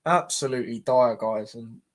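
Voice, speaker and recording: Exasperated fan streamer. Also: male voice, medium pitch, normal speed. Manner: chatty and exasperated, says "mate" constantly. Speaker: fan streamer hosting a watchalong. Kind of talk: live football watchalong commentary.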